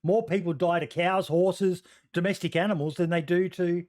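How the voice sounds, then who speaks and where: A man's voice: sits high, steady tone, normal speed, a little mellow. A male podcast host, chatty. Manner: chatty, many ums, asks guests questions. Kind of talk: casual chat.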